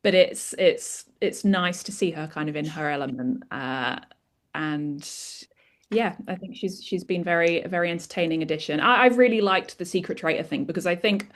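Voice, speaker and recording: A woman guest co-host with a somewhat low voice chats about a show. She sounds enthusiastic, and her sentences often restart mid-thought. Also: moderate pace. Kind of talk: casual podcast chat.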